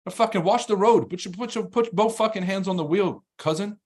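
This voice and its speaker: A man hosting a live trading stream and reading chat, talking in a blunt, profane, combative way. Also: high voice. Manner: fast, rambling and animated when ranting. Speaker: livestream trading host.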